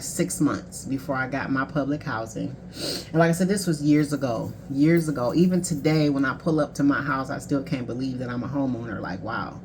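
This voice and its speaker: In a low-pitched voice, a woman in her thirties who coaches people on life candidly relates a painful story from her past, casually and with emotion, quoting others along the way. A little background noise can be heard.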